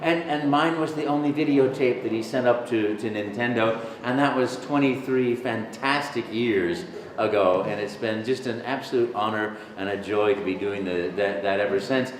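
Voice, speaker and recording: A man telling stories in a lively, animated way, with a mid-pitched voice. He is recorded in an echoey convention room with faint crowd ambience behind him. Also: moderate pace, a little hiss or hum. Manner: animated, jokey storyteller, breaks into voices. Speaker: voice actor, interview guest. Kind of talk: casual storytelling interview. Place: convention venue.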